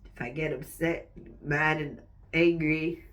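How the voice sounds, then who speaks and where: A woman's voice: low-pitched, fairly even intonation, a bit bright, recorded from a distance. A woman venting in a personal vlog while fighting back tears, swearing often and stopping mid-sentence to restart. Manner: raw, swearing, halting restarts.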